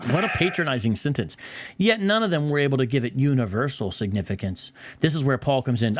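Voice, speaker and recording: Exasperated man with a lively voice. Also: on the high side, fairly quick, no room sound. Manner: heated, exasperated interjections. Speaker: podcast host. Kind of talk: reading aloud and rebutting a text.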